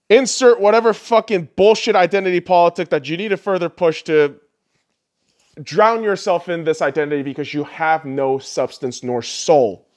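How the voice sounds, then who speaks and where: A high-pitched man at normal speed delivers a profane solo rant as a podcast host. He's blunt and crude, mocking his listeners and laughing at his own jokes.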